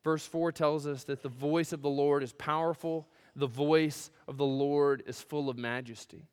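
A man preaches a sermon in a church sanctuary, his smooth, resonant voice sitting a little high for a man. He builds to loud, emphatic peaks, then drops to a hushed, almost whispered delivery. A long reverb trails after his words. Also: fairly even intonation, normal speed. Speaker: pastor.

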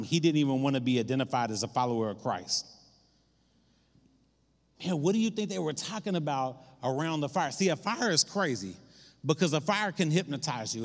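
A man preaching a sermon, retelling scripture in an animated storytelling way and acting out the voices of its people. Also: mid-range voice. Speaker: pastor. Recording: long hall reverb.

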